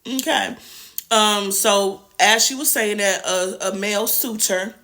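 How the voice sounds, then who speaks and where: A young woman hosting a TV review show, recapping an episode in slangy, animated casual chat with sassy asides. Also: mid-range voice, takes it slowly. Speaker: TV review host.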